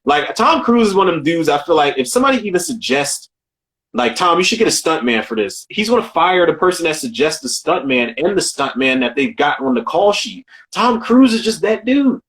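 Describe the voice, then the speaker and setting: Male podcast co-host, slightly high voice, animated and profane, repeats himself, casual movie talk. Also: normal speed. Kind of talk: casual film chat.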